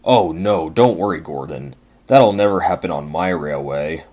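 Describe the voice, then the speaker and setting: A man voicing a kindly, authoritative male railway controller who speaks in a calm, reassuring way. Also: a bass voice, moderate pace, pitched below the performer's own voice.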